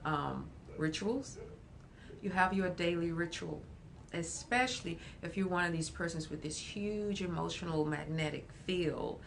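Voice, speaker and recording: A woman counselor giving an animated, emphatic livestream talk, often breaking into laughter. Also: on the low side, a little hiss or hum.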